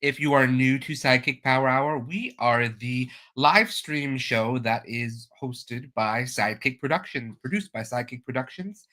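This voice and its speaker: A man's voice: mid-range voice, normal speed, hardly any pauses, sharp tone. A man hosting a live stream chat show, talking in an enthusiastic, chatty way with plenty of fillers. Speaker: host.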